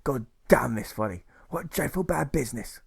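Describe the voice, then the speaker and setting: A man's voice: on the high side, expressive, moderate pace, pitched above the performer's own voice. A man voicing a cruel, blustering middle-aged military police officer who hisses and barks angry orders in an audiobook. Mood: barking orders. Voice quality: hissing, spitting.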